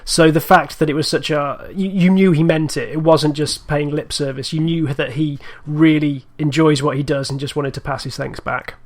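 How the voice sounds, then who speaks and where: Guy guesting on a podcast, kinda high flat voice, talks it through slowly. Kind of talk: casual podcast chat.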